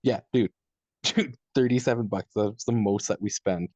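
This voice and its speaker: A man's voice: lowish voice, normal speed, a little mellow, no echo. A young Canadian man with a Canadian accent, co-hosting a podcast and telling stories in a laid-back way, dropping "dude" often. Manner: laid-back storytelling, lots of "dude" and laughter. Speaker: podcast co-host. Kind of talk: casual chat.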